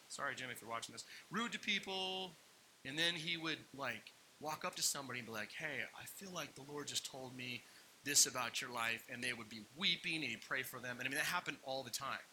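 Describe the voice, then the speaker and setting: Bright-voiced man telling a story. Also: fairly high pitch, slight background noise, rough recording. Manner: animated personal storytelling, acts out quotes. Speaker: pastor. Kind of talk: sermon storytelling.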